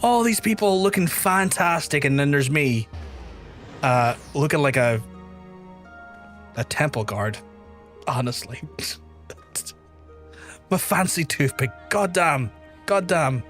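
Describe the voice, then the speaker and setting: Male streamer, chatty and excitable, sweary, fairly high voice, faint music underneath. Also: slow, pauses often. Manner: excitable, swears often, pitch jumps high when amazed. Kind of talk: casual gaming livestream chat.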